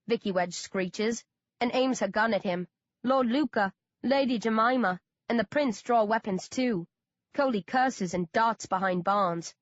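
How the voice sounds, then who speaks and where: Woman audiobook narrator, steady first-person read, dry, slightly dull audio. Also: medium pitch, unhurried, dry recording.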